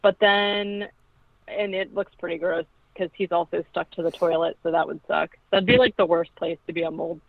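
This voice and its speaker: A woman's voice: lowish voice, fairly even intonation, moderate pace, creaky, no echo. A woman casually recapping a film as a podcast co-host, chatty and full of "like", acting out the quoted lines. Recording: tinny phone-like line, dry.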